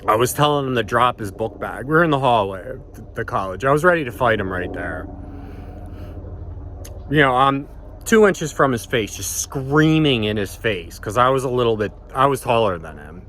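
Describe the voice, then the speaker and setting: There's slight background noise as a male vlogger, mid-range and a bit bright, tells a personal story at a moderate pace with lively intonation. He's casual and profane, rambling, with many ums and restarted sentences.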